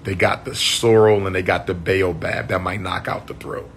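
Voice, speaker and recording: A man's voice: low-pitched, steady tone, moderate pace, vocal fry, slight background noise. Man losing his voice on a livestream. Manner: repetitive, call-and-response shout-outs to viewers. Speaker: livestream host. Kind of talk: casual livestream chat.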